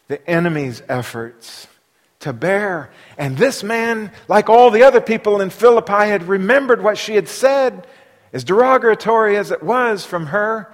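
A man preaching a sermon, asking his listeners rhetorical questions and moving between quiet asides and loud, emphatic passages. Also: high-pitched. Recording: long hall reverb.

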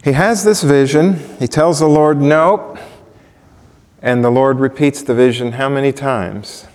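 A man preaching a sermon in a relaxed, conversational way, often putting questions to the congregation. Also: mid-range voice, normal speed. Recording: long reverb of a large hall.

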